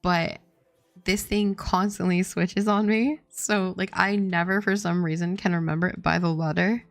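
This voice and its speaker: A woman's voice: on the low side, fairly even intonation, moderate pace, creaky, no room sound, faint music behind. A woman streaming her game development work, chatting casually and rambling with lots of "like" and giggles. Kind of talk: casual chat while working on a game.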